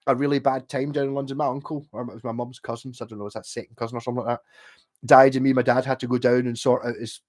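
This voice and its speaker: A man's voice: medium pitch, flat delivery, rapid-fire, a little mellow. A Scottish man in his forties chatting casually on a livestream, rambling and swearing as he tells stories and trails off mid-sentence. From Scotland. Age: 40s. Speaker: livestream host. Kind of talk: casual chat.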